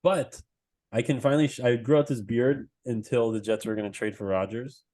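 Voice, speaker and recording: A young man co-hosting a sports podcast, excitable and swearing, laughing often as he talks. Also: mid-range voice, fairly quick. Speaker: podcast co-host.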